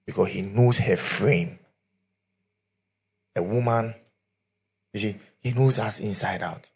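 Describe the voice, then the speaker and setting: A man's voice: lowish voice, takes it slowly, vocal fry. A middle-aged man, preaching a sermon through humorous storytelling.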